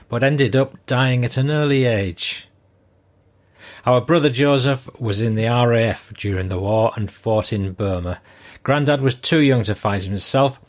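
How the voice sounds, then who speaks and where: Older guy on a podcast reading out listener letters, laid back, lots of ums, mid pitch. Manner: relaxed, conversational, with frequent ums. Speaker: podcast host.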